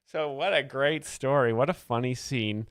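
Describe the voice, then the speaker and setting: A man giving earnest, rambling, deadpan mock-expert commentary as a comedy show host, close to the mic. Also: medium pitch, normal speed, dry recording.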